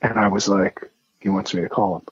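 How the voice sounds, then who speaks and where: A man's voice: sits low, fairly quick, breathy edge, no room sound, lo-fi sound. A middle-aged man from New Jersey, a guest telling his story casually and acting out the dialogue with lots of restarts. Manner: animated, acts out quoted dialogue with many restarts.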